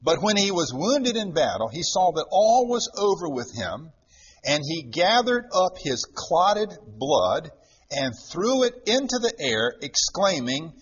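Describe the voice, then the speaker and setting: A man's voice: a little high, big pitch swings, unhurried, fairly bright tone, husky. A man preaching a sermon dramatically, repeating words for emphasis, recorded in a church. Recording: dull lo-fi sound with long hall reverb.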